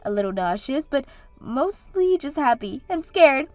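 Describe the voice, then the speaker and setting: Brief: woman playing a high-pitched, earnest bride-to-be sister, dry close recording, faint music behind. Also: very animated, measured pace, no echo. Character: bride-to-be sister, grateful and nervous. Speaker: younger sister Sarah. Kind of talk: scripted story drama.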